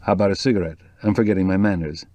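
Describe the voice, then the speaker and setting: A man reading the part of a calm reporter who speaks in a kind but firm, soothing way. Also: deep voice, very fast, no room sound, lightly acted. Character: kindly, soothing middle-aged male reporter. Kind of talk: audiobook dialogue reading.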